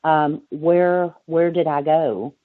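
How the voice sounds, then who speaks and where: A woman guest recounting a personal experience in an interview, halting and reflective. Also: low voice, fairly even intonation, no echo. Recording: tinny phone line.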